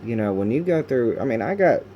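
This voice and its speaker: A man recording a confessional video diary at home, talking in halting, raw bursts with many restarts and fillers, frustrated and sometimes cursing. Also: medium pitch, expressive, muffled recording, slight background noise. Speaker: video diarist.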